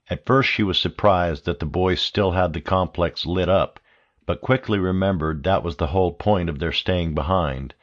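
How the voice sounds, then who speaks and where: Deep male voice, steady narration, audiobook, dull lo-fi sound. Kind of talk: scripted narration.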